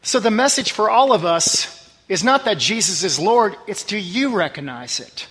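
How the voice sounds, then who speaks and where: A man preaching a sermon as pastor, talking conversationally and earnestly, dropping low and quiet on scripture verses. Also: animated, moderate pace, slightly rough, long reverb tail.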